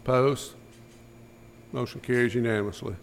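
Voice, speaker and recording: A man chairing a school board meeting, running through motions and votes in a brisk, routine manner. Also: mid-range voice, steady tone, creaky, a little hiss or hum. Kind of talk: formal meeting procedure.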